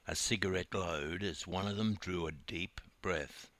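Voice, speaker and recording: An Australian man narrating his own memoir with wry, animated storytelling. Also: sits low, measured pace, no echo.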